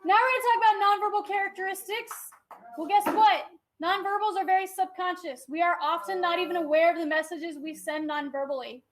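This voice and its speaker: A woman's voice: extremely high pitch, brisk, poor audio. A young woman teaching a class, chatty, often checking in with her students. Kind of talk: classroom lecture.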